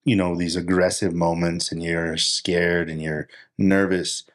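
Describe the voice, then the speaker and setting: Man, very deep voice, casual podcast chat, rambling, restarts, acts out thoughts. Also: level tone, a little slow. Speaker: podcast co-host. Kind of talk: casual conversation.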